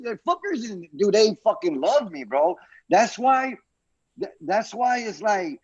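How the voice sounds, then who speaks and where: Animated, high-voiced man telling stories. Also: moderate pace, breathy edge, lo-fi sound. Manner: animated storytelling, profane, acts out quotes. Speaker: guest comedian. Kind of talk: casual podcast chat.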